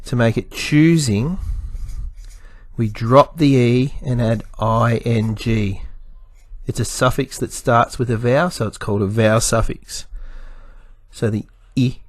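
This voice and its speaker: A male teacher walks young learners through a spelling lesson, spelling each word letter by letter and sounding out every part. He talks at an unhurried, deliberate pace in a medium-pitched voice. The recording is dry and close, with no room sound. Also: no echo. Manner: slow and careful, sounding out letters one by one.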